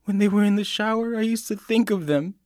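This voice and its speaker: A woman's voice: mid-range voice, brisk, darkish tone, no echo, studio quality, close to an everyday voice. A woman acting a troubled twenty-year-old young man, guarded and anxious. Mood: anguished.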